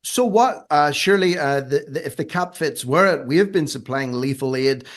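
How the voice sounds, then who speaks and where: A man's voice: a little high, lively intonation, normal speed. A man on a debate panel, emphatic and sarcastic, firing off rhetorical questions. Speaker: panel guest.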